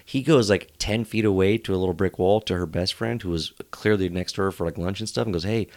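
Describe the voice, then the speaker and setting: A man's voice: deep voice, fast talker, a little mellow. A young man hosting a casual podcast, telling a rambling story and laughing often. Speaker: podcast host.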